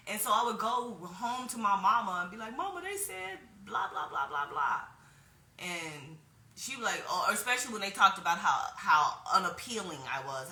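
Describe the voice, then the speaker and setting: Presenter: woman in her forties, casual, frank storyteller, bright lowish voice, echoey room. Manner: frank, chatty storytelling with slang. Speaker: wellness workshop presenter. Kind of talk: casual spoken workshop talk.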